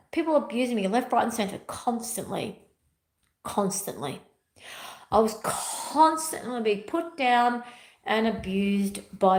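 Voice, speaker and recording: A woman giving a spiritual motivational talk as a teacher at home, speaking emphatically and repeating her key phrases. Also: mid-range voice. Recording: roomy echo.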